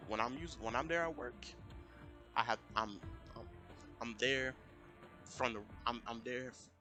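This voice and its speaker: A man telling a story in a casual, animated rant on a live stream, often jumping into raised voices to quote people. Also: mid-range voice, measured pace. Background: music.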